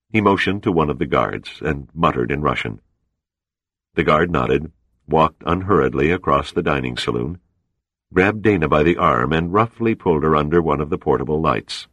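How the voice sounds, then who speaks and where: A man narrating a thriller audiobook in a measured, dramatic reading. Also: rumbling low, lively intonation, gravelly, fairly bright tone, dry recording. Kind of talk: scripted narration.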